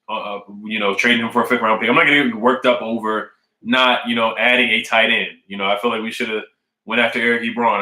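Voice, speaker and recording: Bright-voiced man chatting on a stream. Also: fairly low pitch, reverberant, rough recording. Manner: repetitive, emphatic, says "man" and "I really do" often. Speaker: sports fan streamer reading chat. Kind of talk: casual live-stream chat. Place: at home indoors.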